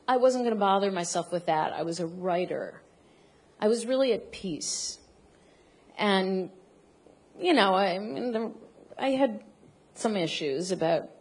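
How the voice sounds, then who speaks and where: A middle-aged woman tells a personal story to a live audience, halting and self-mocking as she circles her point. Her voice sits low and breathy-husky. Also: darkish tone. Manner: halting, self-deprecating with restarts.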